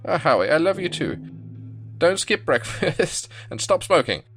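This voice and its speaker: A man's voice: fairly high pitch, sing-song, unhurried, gravelly, fairly bright tone, soft background music, voice pushed up, exaggerated voice. A man voicing a fretful elderly mother who fusses and guilt-trips her son in a game. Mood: fussing. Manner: fussing, clingy, guilt-tripping.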